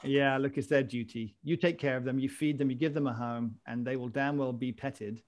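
A man's voice: medium pitch, fairly even intonation, a little fast. A man hosting a casual podcast chat, jokey and rambling, often restarting his sentences. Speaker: podcast host.

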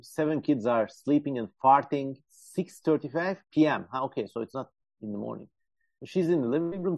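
A man co-hosting a casual podcast, retelling a story with animated jokes and lots of fillers. His voice sits mid-range, recorded dull and lo-fi in a dry, close space. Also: medium pitch, no room sound. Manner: animated storyteller, jokey asides, many fillers. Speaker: podcast co-host. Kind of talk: casual chat.

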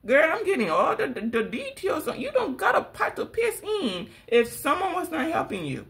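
A woman's voice: high voice, wildly swooping pitch, normal speed, vocal fry, a bit bright. A woman doing a spiritual tarot reading, scolding and sassy, calling people girl and laughing between lines. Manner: addresses the viewer as girl. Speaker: tarot reader.

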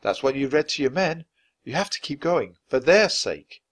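A man's voice: fairly high pitch, big pitch swings, normal speed, voice pushed up. A man reading aloud as an earnest young boy in a children's storybook, lifting his voice a little. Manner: earnest, slightly raised voice.

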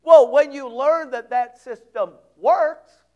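A man preaching a sermon as pastor, conversational and joking, swinging between loud and hushed. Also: very high voice, takes it slowly, muffled recording.

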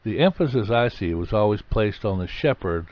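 A man's voice: fairly low pitch, lively intonation, moderate pace, no room sound. A man teaching from the Bible in a conversational sermon, plain-spoken and repeating key phrases for emphasis. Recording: dull lo-fi recording.

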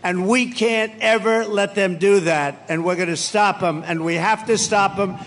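A man's voice: sits high, steady tone, moderate pace, fairly bright tone, slight background noise. An older man giving an off-the-cuff campaign rally speech, rambling and repetitive, with punchy phrases. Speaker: political speaker at a rally.

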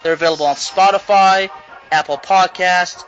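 A man's voice: sits high, fairly even intonation, moderate pace, fairly bright tone, dull audio, soft background music. A man co-hosting a podcast, chatting casually and thinking aloud with restarts. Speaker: podcast co-host.

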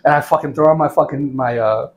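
A man in his thirties from Ohio, a former drill instructor, telling profane war stories in a casual, animated way and laughing often. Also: mid-range voice, quick pace. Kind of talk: casual storytelling.

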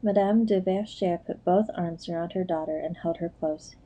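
Woman reading an audiobook, measured and steady, super mellow low voice. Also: low-quality recording. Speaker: audiobook narrator. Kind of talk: scripted narration.

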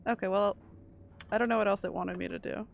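Streaming a horror game live from a room at home, a woman with a mid-range, steady, creaky voice talks fast and reacts aloud, jumpy as she chats with viewers. There's slight background noise.

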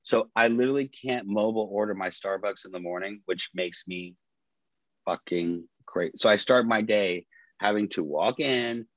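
Guy podcast cohost, chatty storyteller, curses a lot, lowish voice, dull dry lo-fi audio. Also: normal speed, dry recording. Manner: animated storyteller, swears freely, quotes people. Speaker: podcast co-host. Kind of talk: casual chat.

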